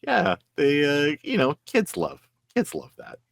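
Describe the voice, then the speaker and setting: Man, interview host, lively pitch, dry sound, chatty and joking. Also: creaky, dry recording. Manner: chatty, joking asides, quick laughs. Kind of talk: casual interview.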